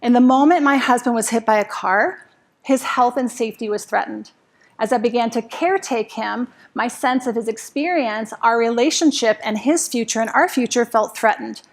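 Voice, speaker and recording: A woman speaking at a conference with a slightly higher voice, telling a personal story and asking the crowd questions. She acts out her own anxious inner voice as she goes. She sounds middle-aged. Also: normal speed. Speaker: speaker giving a talk. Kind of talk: conference talk to a live audience.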